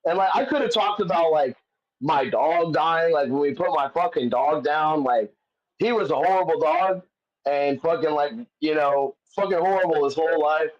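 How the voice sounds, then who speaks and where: A man's voice: on the high side, normal speed. A man, a comedian guest, telling stories in casual chat, swearing often and rambling with many fillers. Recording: dull lo-fi audio.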